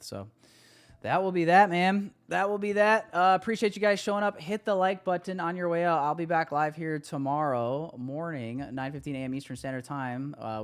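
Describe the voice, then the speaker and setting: Hyped, smooth-voiced male streamer. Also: mid-range voice. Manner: loose, hyped, swears casually, addresses chat directly. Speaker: live-stream trading host. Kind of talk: casual live-stream chat.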